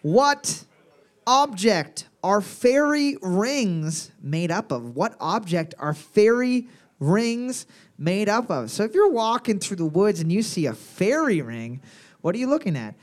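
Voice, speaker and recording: A man's voice: high voice, sing-song. A young man hosting a trivia night, reading questions out twice and cracking crude jokes between rounds. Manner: crude joking, repeats questions slowly. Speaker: trivia quiz host. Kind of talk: live pub quiz hosting on mic.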